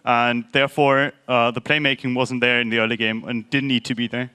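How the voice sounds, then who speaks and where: Bright-voiced pro gamer, methodical. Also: male voice, mid-range voice, little pitch movement, brisk, clean tone. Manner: methodical, hesitant explanation. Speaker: pro gamer explaining strategy. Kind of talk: post-match interview answers.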